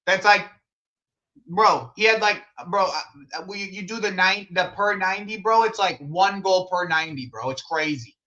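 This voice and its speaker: Lively slangy young man streaming football. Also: high-pitched, normal speed, dull audio. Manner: animated, slangy, says "bro" a lot, laughs often. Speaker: streamer hosting a football watch-along. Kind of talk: casual live commentary chat.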